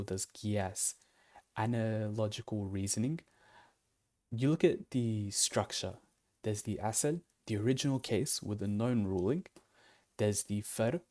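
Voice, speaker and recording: A man's voice: fairly low pitch, mellow. A man giving a casual explanatory lesson in a loose, conversational way, with fillers and self-corrections. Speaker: online teacher.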